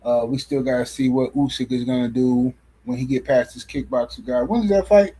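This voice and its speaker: A man's voice: medium pitch, brisk, mellow, slightly rough, poor audio. A man hosting a casual boxing livestream, reading super chats and ranting in slangy, repetitive talk. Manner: slangy, repeats himself, rants and reads super chats.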